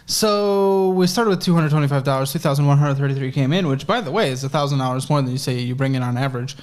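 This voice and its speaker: A man hosting a chat show, going over a guest's bank statements in a blunt, teasing way. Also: medium pitch. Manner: blunt, teasing, quick with numbers. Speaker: host reviewing a guest's finances.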